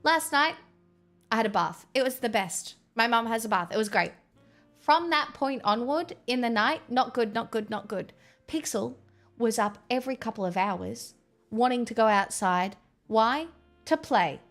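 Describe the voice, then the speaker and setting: A woman's voice: a little high, animated, moderate pace, fairly bright tone. Sweary rambling young woman streamer. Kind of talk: casual live-stream chat. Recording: faint music behind.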